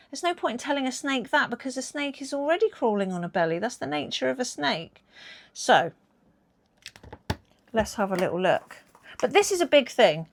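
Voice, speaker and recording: A woman's voice: mid-range voice, gravelly. Chatty woman talking to camera. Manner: chatty, emphatic, rambling with asides. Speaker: video host. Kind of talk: casual talk to camera.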